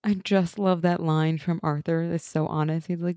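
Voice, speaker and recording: A young woman co-hosting a casual TV recap chat, animated and laughing as she acts out lines from the show. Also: lowish voice, moderate pace, no room sound, studio quality. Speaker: podcast co-host.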